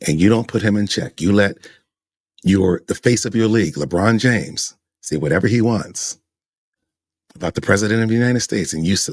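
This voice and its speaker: Low husky man hosting a podcast. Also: no echo, studio quality. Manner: emphatic, rhetorical questions. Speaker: podcast host. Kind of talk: opinion commentary monologue.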